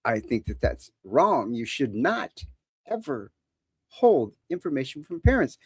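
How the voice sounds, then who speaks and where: A man's voice: medium pitch, big pitch swings, unhurried, slightly rough, no echo. A man hosting a live call-in show, talking in a casual, opinionated and joking way.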